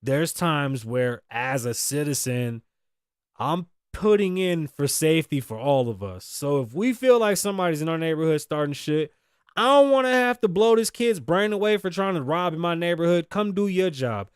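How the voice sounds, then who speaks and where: A man with a somewhat high voice hosts a podcast and talks through a news story in blunt, indignant commentary. He swears freely and acts out the quoted dialogue. The sound is dry and close. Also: expressive, normal speed, smooth, no room sound. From Las Vegas. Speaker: podcast host.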